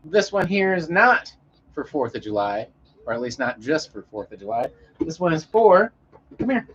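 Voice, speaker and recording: A man's voice: on the high side, sing-song, moderate pace, a bit bright, breathy edge, lo-fi sound. A man chatting casually on a live stream, rambling and swearing in an easygoing way.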